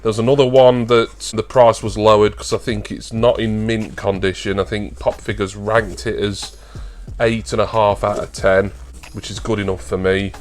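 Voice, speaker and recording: A man's voice: on the low side, level tone, normal speed, a little hiss or hum. A man with a British accent chatting through an unboxing for his collector vlog, talkative and easily moved. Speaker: toy collector vlogger.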